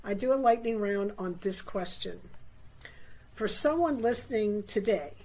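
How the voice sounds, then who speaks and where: A woman hosting a panel discussion, affirming and gently encouraging as she hands over questions. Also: mid-range voice, expressive, unhurried, low-quality recording. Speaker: host and facilitator.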